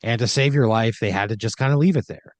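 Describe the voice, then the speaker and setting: A man's voice: mid-range voice, fast, no room sound. A young man hosting a podcast, improvising a comedy story in a rambling, swearing, filler-heavy way.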